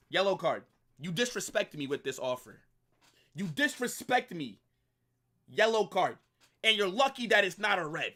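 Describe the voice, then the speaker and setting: A young man, reacting live to a football match in excited, exasperated rants full of swearing and repeated phrases. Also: sits high. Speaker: football watch-along streamer.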